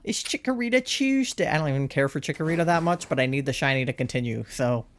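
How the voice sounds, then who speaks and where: A woman's voice: extremely low pitch, very fast, slight background noise. A woman streaming a game from home and chatting casually with a playful, teasing manner. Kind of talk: casual gaming stream chat.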